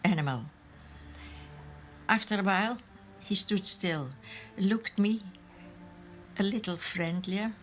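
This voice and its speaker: Slow, halting older woman. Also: medium pitch, fairly bright tone, soft background music. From Austria. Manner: halting, searching for English words. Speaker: eyewitness interviewee. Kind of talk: documentary interview recollection.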